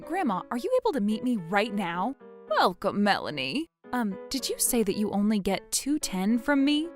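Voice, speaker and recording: A woman's voice: medium pitch, big pitch swings, normal speed, faint music behind. Woman acting out every part. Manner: dramatic, shifts between characters. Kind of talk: acted story narration with many voices.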